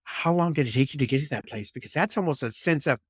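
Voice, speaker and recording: A man hosting a podcast, asking reflective questions in a measured way. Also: medium pitch, breathy edge, no room sound, studio quality. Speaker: podcast host. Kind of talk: interviewing.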